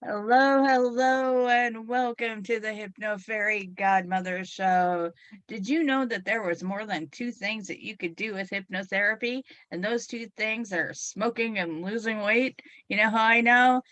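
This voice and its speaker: Bubbly, slightly hoarse woman hypnotherapist host. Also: mid-range voice, moderate pace, fairly bright tone, no room sound. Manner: bubbly, playful, chatty. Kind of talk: talk radio show with guided relaxation.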